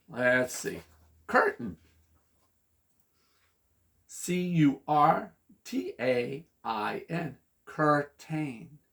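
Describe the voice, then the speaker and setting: Lively slow-paced children's teacher, man. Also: medium pitch, gravelly. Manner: slow, patient, spells words letter by letter; animated, sing-song for children. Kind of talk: children's phonics lesson.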